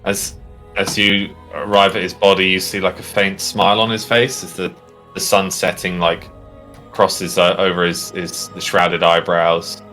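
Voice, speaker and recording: A man narrates a tabletop adventure as game master in a halting way, with many fillers and restarts. His voice is lowish with a bright, forward tone. Faint music plays underneath. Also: level tone.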